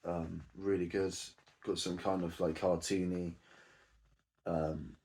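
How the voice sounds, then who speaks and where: A man talks in a very deep, low-pitched voice. He reviews casually and unscripted, rambling with frequent ums and self-corrections. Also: little pitch movement, takes it slowly, darkish tone. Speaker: music reviewer.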